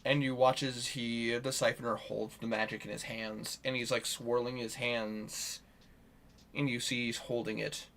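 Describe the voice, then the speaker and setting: A man's voice: medium pitch, little pitch movement, a little slow, fairly bright tone, a little hiss or hum. A man narrating as game master in a tabletop game, rambling with lots of fillers.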